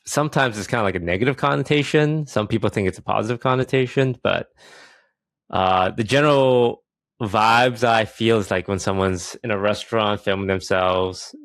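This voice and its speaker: A man co-hosting a podcast, explaining things in a relaxed, casual way with some fillers. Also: fairly low pitch, dry recording. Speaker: podcast co-host, streamer.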